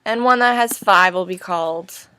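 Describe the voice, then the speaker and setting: A young woman teaching a recorded lesson over slides, speaking slowly and deliberately as she spells out each stress. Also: on the low side, bright, forceful tone, a little hiss or hum.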